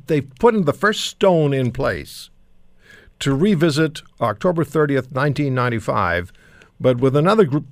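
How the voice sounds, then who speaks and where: A man hosts a political panel in a dry, close studio sound with no room echo. He is blunt, and he works through his thoughts aloud with fillers before he lands them. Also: medium pitch. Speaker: talk show host.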